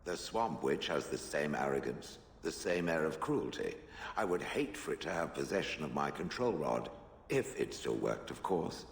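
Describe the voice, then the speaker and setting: An actor playing a haughty, suspicious stone golem with a deep gravelly voice, speaking stiffly in a video game. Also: male voice, sing-song, normal speed, a little hiss or hum, heavily acted. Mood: suspicious, disdainful. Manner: stiff, formal, speaks of others as "it". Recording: game audio with booming hall reverb.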